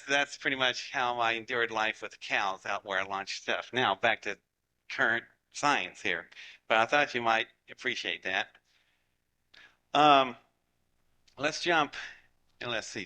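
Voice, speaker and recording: A man from Ohio in his forties spins a folksy story for a live audience. His voice rings bright and sharp, and he jumps in and out of the voices of the people in his tale. His pitch sits in an ordinary middle range. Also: unhurried, poor audio. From Ohio, United States. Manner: animated and folksy, acting out what people said. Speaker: speaker giving a talk to an audience.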